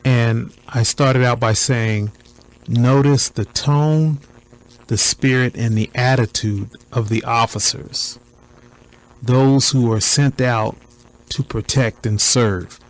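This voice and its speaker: A man commenting on a recording in a deliberate, preacher-like cadence, repeating points for emphasis. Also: medium pitch, fairly even intonation, low-quality recording.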